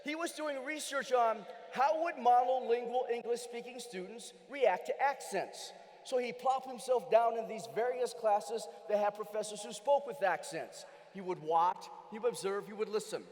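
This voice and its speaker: A man delivering a motivational keynote with lots of energy, often rising to a shout as he questions the crowd. His voice is very high. Long hall reverb trails each phrase. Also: moderate pace, hardly any pauses. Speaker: keynote speaker. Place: large convention hall.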